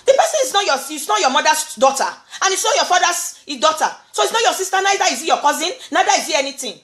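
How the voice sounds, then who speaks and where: A woman from Nigeria with a Nigerian accent, talking in an animated vlog monologue and often repeating words. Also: sits high, fast, reverberant. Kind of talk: casual monologue.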